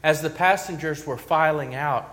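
A man's voice: a little high, moderate pace, fairly bright tone. A man preaching a sermon as pastor, telling a story with rising emphasis and small restarts.

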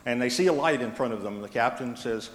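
A man's voice: medium pitch, brisk. Man preaching in a reverberant church hall. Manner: plain conversational storytelling. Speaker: pastor. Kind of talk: sermon. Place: church sanctuary.

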